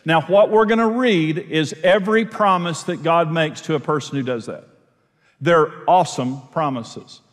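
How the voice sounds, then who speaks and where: A man's voice: fairly high pitch, moderate pace, big-room sound. A man preaching a sermon, earnest and emphatic, repeating phrases to drive points home. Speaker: pastor. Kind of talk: sermon teaching.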